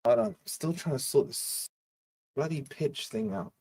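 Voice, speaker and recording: A man's voice: mid-range voice, lively intonation, normal speed, mellow, husky. A man born in Scotland hosting a live football watch-along, giving casual play-by-play and bantering with his chat. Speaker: fan channel host.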